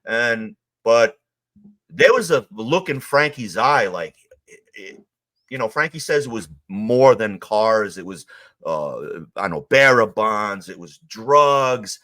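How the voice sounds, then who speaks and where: A man from Queens, telling stories in a casual interview, animated and acting out the quotes of others. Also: lowish voice, slow pace. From Queens, New York. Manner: animated, acts out quotes, swears. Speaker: guest, former mob associate.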